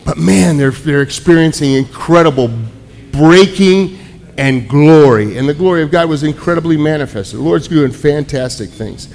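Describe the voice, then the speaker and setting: A man preaching to a congregation, telling personal stories in an animated way with frequent restarts. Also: on the high side, moderate pace, creaky. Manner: animated storytelling, many restarts. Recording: echoey hall with long reverb.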